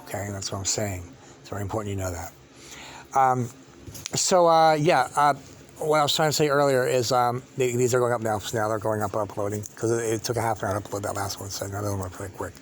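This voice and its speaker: A man telling a long personal story as a vlogger, halting and repetitive, with many restarts and fillers. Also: lowish voice, slight background noise.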